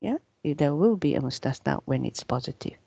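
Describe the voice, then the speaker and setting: Woman, online teacher, patient and repetitive, dark voice, dull recording. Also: sits low, lively intonation, moderate pace, vocal fry, breathy edge, no echo. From Malaysia. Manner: patient, repeats key points with "yeah?" checks. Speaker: Arabic teacher. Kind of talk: online class lecture.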